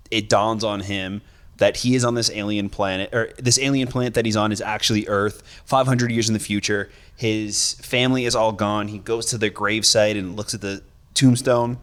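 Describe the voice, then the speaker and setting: A man co-hosting a podcast, talking in a relaxed, easygoing way. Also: lowish voice, moderate pace. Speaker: podcast co-host. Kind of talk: casual chat.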